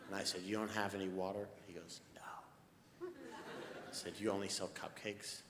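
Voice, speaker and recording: A man doing a stand-up comedy set on stage, telling a story and building to shouted punchlines. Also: lowish voice, huge pitch swings, measured pace. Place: comedy stage before a live audience. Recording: echoey hall with crowd noise.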